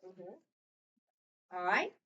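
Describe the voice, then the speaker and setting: A woman's voice: medium pitch, sing-song, drawn-out words, bright, forceful tone. A woman teaching a one-on-one phonics lesson, prompting patiently and stretching out her cues, in a school classroom. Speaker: reading teacher. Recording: distant, dull lo-fi recording.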